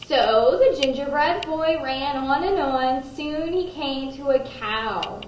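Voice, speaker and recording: A woman kindergarten teacher reading a picture book aloud to children, gentle, pausing to ask them questions. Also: sits high. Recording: roomy echo, distant mic, faint noise.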